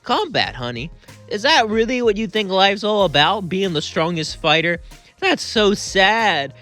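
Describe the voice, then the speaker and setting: A man's voice: high-pitched, big pitch swings, measured pace, pushed and bright, faint music behind, voice pushed up, heavily acted. A man voicing a flirtatious male spider demon with a teasing drawl.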